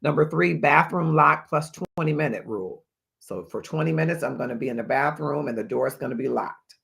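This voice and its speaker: A man's voice: on the high side, a little fast, gravelly, a bit bright. A man hosting a live advice stream, emphatic, repeating his key points and thanking viewers by name. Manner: reads viewer comments and thanks them aloud. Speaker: livestream host.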